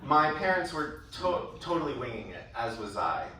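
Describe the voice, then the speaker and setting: At a school event, a man with a fairly high voice delivers a prepared speech at a moderate pace, telling stories and growing animated when quoting others. It's recorded from far off in an echoey hall with slight background noise.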